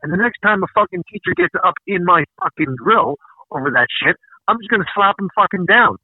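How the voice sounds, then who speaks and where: A man with a slightly higher-pitched voice rants on a podcast, swearing hard and hammering his points through repeated words. The sound is thin and tinny like a phone line, bone-dry with no room. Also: expressive, brisk, husky, no echo. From Canada. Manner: angry, profane, emphatic ranting with repeated words. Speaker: podcast host. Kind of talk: casual podcast rant.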